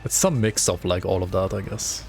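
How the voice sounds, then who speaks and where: Chatty German-accented man, low voice. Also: moderate pace, vocal fry, music in the background. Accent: German, with a touch of Swedish. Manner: chatty, rambling, many fillers like "right?". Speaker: gaming streamer. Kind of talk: casual gameplay commentary.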